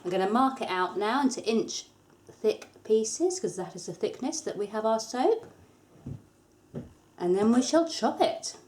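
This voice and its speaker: A woman's voice: on the high side, animated, unhurried, darkish tone, a little hiss or hum. A woman, hosting a craft tutorial in a casual, chatty manner with light self-deprecating humour. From England. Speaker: soap maker, tutorial host.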